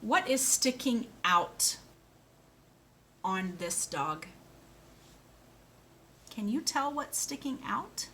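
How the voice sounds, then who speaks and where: A woman speech therapist giving a slow, clear lesson to a young child, praising answers and asking simple questions. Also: on the high side, sing-song, a bit bright, a little hiss or hum. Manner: slow, clear, sing-song and encouraging, with animal sounds.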